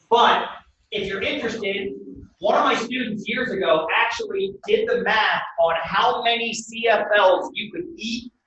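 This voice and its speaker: A man teaching a college class, lively and quizzing his students with questions. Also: high-pitched, slight background noise. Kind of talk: classroom lecture. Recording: echoey room, distant dull mic.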